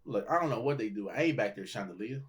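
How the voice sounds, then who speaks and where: A man's voice: on the low side, expressive, fast talker, husky. A man who is a comedian, guest on a podcast, talking in a laid-back, joking and teasing way. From Nigeria. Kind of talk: casual chat.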